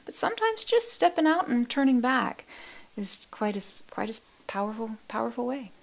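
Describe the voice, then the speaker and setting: A woman hosting a live meditation stream, chatting casually with viewers in a soft, gentle voice that often drops to a near-whisper, affectionate and quick to laugh. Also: fairly high pitch, very animated, creaky. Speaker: meditation livestream host. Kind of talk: casual livestream chat reading viewer comments.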